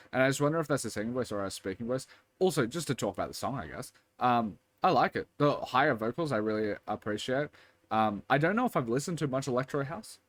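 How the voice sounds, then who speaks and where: Low-voiced rambling Brisbane man. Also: no echo. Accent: Queensland Australian. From Brisbane, Australia. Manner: rambling, full of "um" and "like". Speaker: music reaction host. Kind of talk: casual commentary.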